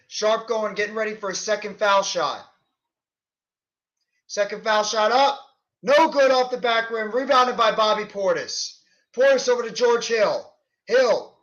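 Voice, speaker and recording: A man doing fan play-by-play of a basketball game, shouting on big plays and fuming at the referees. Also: sits high, dull audio. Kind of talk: live play-by-play commentary.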